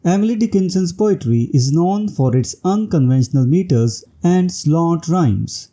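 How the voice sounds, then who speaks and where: A man's voice: fairly high pitch, expressive, a little slow, warm tone. A man reading a scripted English literature lecture in a formal manner, announcing each section heading.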